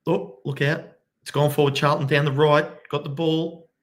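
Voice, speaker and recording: A man giving excitable live play-by-play commentary as a fan watchalong host, keeping his voice down at home late at night. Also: fairly high pitch, normal speed. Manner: excitable, bursts into loud cheering; kept quiet since it is night at home. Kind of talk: live match commentary for viewers.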